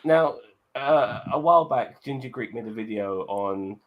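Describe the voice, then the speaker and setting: A man's voice: mid-range voice, expressive, a little slow, phone-quality sound, crowd noise. A man co-hosting a casual movie review chat, blunt and emphatic, swearing heavily. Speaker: podcast co-host.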